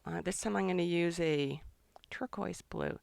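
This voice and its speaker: Excitable woman drawing live for kids. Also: lowish voice, moderate pace, vocal fry, no room sound. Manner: excitable, chatty, thinking aloud while drawing. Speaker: children's author and illustrator.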